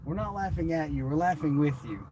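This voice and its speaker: Teasing man chatting in loud wind. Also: fairly high pitch, lively intonation, a little fast. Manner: playful teasing, laughs often, growls for fun. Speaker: fishing channel host. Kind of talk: casual teasing chat on a live stream. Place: outdoors by the water at night, fishing. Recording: loud wind noise outdoors.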